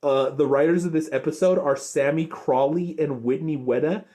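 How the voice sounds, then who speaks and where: A young man giving an unscripted, rambling review of a cartoon episode, gushing and excitable, full of filler words. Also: on the high side, normal speed. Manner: rambling, lots of filler likes and restarts. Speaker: show reviewer.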